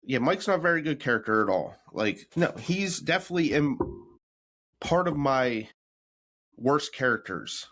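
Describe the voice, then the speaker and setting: A man co-hosting a podcast in casual chat, talking bluntly with mocking, animated rants. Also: mid-range voice, moderate pace. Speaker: podcast co-host.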